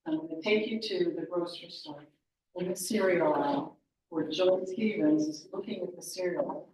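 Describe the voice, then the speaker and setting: A woman telling a story aloud to a small group, animated and correcting herself as she goes, recorded from far away in a historic house. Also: fairly low pitch, moderate pace. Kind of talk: live oral storytelling. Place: meeting room of a historic house. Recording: very echoey room, distant mic.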